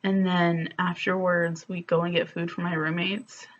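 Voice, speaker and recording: A woman's voice: lowish voice, level tone, normal speed, lo-fi sound. A woman telling a personal story in a confessional vlog, candid and emotional, with lots of fillers. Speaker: vlogger.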